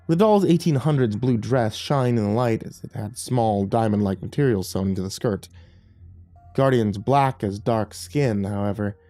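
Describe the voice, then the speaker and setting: A man narrating a first-person horror story in a measured, tense way. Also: lowish voice, warm tone, no room sound.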